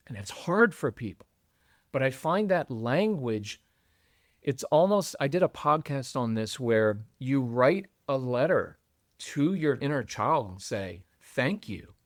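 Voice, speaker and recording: A man's voice: mid-range voice, dry recording, clean studio sound. An older man speaking as a guest parenting coach on a podcast, talking in an earnest, heartfelt, rambling way. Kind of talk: podcast conversation.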